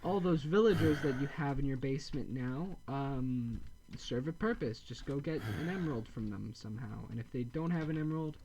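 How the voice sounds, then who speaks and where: Guy narrating his game, rambly, keeps correcting himself, deadpan jokes. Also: mid-range voice, normal speed, hardly any pauses, a little hiss or hum. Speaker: gameplay video host. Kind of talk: casual gameplay commentary.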